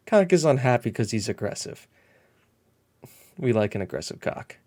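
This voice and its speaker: A man chatting casually over his own gameplay, rambling through his thoughts and breaking into excited shouts when the action heats up. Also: mid-range voice, normal speed, pauses often. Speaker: gameplay commentator. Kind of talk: casual let's-play commentary.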